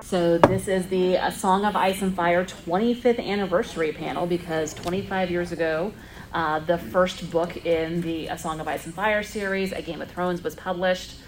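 A woman's voice: lowish voice, fairly even intonation, normal speed, music in the background, rough recording. A woman moderating a convention panel discussion, chatty and rambling with lots of fillers, speaking into a panel microphone in a convention room.

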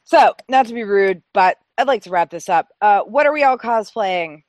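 A woman's voice: mid-range voice, lively intonation, normal speed, darkish tone, no room sound. A woman hosting a casual group chat, wry and steering the talk along. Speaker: podcast host.

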